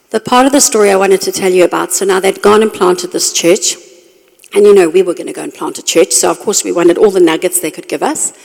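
A middle-aged woman giving a storytelling sermon to a women's group, animated when acting out her own reactions. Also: on the low side, vocal fry. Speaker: women's ministry speaker. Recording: long reverb of a hall.

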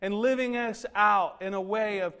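A man's voice: high voice, fairly even intonation, moderate pace, a bit bright, clean tone. A middle-aged man preaching, telling a self-deprecating story in a casual, conversational way with lots of fillers. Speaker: pastor. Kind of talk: humorous sermon story.

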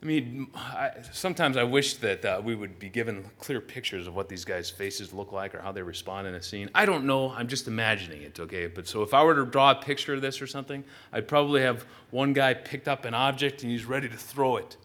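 A male pastor preaching a sermon, telling the story with lively energy and frequent "uh" fillers and restarts. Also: mid-range voice, fairly quick, hardly any pauses.

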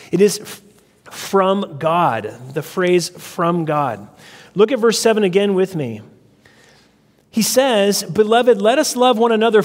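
High-voiced pastor preaching in a reverberant hall. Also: male voice. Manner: teacherly, repeats key phrases for emphasis. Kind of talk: expository sermon. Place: church sanctuary.

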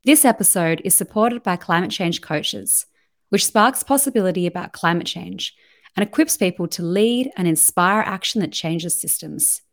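A woman's voice: on the low side, animated, normal speed. An Australian woman co-hosting a podcast, reading an upbeat scripted intro and welcoming a guest. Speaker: podcast co-host.

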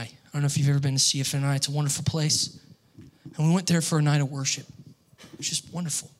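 A young man preaching a sermon, telling stories and getting louder and more animated as he acts out scenes. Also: a little high. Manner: storytelling, grows excited and loud when acting out scenes.

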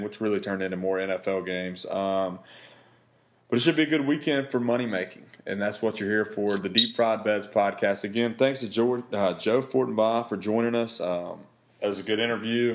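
A man with a raspy voice hosting a casual sports betting podcast, joking and loose as he talks picks and signs off. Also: fairly low pitch. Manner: loose, joking sign-off chatter. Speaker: podcast host.

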